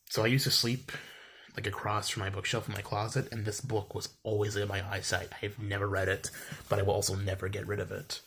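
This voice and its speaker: A man's voice: fairly low pitch, fairly bright tone, husky. A young man chatting casually at home, rambling with lots of fillers and wry asides. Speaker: vlogger showing his book collection. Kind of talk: casual chat. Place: home room with bookshelves.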